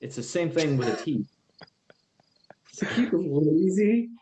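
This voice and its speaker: A young man in casual chat as a podcast guest, telling animated stories and acting out the voices he quotes. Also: on the high side, a little slow, a little hiss or hum.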